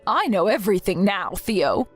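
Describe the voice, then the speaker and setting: A woman's voice: mid-range voice, sing-song, moderate pace, husky. A woman voicing a stern, protective older grandmother who reads out text messages in a firm, reproachful way. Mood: angry. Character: stern, protective grandmother scolding her son. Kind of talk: text-message story read aloud. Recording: soft music behind the voice.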